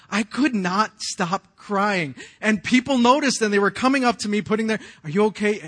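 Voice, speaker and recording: A man's voice: sits high, expressive, fairly quick, few pauses, a bit bright. A man in his forties preaching a sermon, telling his own story in a conversational way with casual slang and frequent restarts. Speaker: pastor. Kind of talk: sermon with personal testimony.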